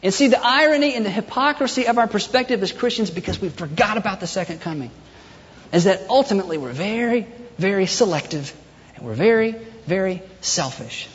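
High-voiced preacher in a hall. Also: male voice, lively intonation, a little fast. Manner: impassioned, rhetorical, acts out prayers in mocking voices. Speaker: pastor. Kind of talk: sermon. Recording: dull echoey hall.

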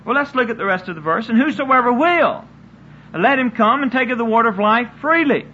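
A man's voice: extremely high pitch, animated, brisk, a little hiss or hum. A man preaching a sermon in an earnest, repetitive style, often restarting his sentences. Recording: dull lo-fi sermon recording.

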